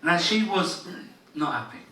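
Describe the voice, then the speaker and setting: A man's voice: a little high, animated, a little slow, pushed and bright, recorded from a distance, slight background noise. A man doing a crude, swearing stand-up story set in a comedy club. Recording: roomy club audio, laughing crowd.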